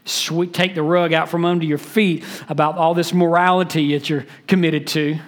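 A pastor preaching a sermon, stressing words by repeating them and switching between quick and slow delivery. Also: on the high side, flat delivery.

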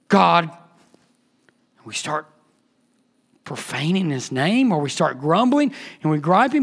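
A man preaching a sermon with a high voice. He delivers it with emphasis, leaning into key words, then sinks to a near hush before building back up. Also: big pitch swings, takes it slowly, vocal fry, long pauses, breathy edge. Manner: emphatic preaching, swings between loud and hushed. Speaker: pastor.

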